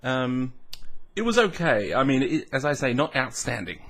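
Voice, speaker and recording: A man's voice: medium pitch, sing-song, brisk, a bit bright, breathy edge. A man hosting a casual tasting vlog, musing aloud with hums, restarts and self-mocking asides. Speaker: whisky reviewer.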